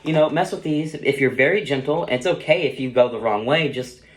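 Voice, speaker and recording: A man's voice: medium pitch, brisk. Casual young man teaching saxophone, roomy sound. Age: young adult. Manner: casual, loose explanations with fillers like "you know" and "um". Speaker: music student teaching saxophone. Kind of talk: instructional demonstration. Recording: roomy echo with saxophone playing. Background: saxophone notes between phrases.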